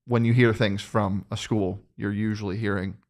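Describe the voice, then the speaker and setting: A man co-hosting a casual sports talk show, talking in quick bursts with many restarts. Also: fairly low pitch. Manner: animated, restarts, laughs often. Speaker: co-host.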